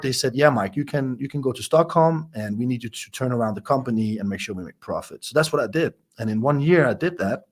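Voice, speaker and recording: A man speaking as a life coach on a podcast, telling his story candidly and emotionally, swearing often and repeating words as he restarts. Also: medium pitch.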